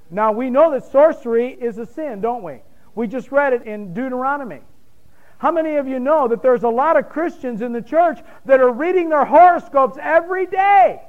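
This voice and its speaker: Preacher guy with a really high voice, punchy and emphatic, muffled lo-fi recording. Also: lively intonation, normal speed. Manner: emphatic, rising to loud points, quizzes the congregation. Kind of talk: sermon.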